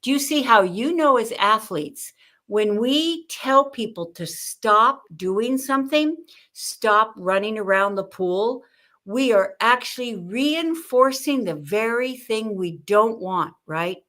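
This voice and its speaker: Older woman telling lively stories. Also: fairly high pitch, slow. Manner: lively storyteller who acts out the people she quotes. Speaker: guest expert on communication. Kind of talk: conversational interview with storytelling.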